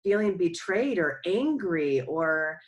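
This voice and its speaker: Female co-host, lowish voice, emphatic and opinionated. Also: lively intonation, slow pace, low-quality recording. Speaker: podcast co-host. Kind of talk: casual podcast chat.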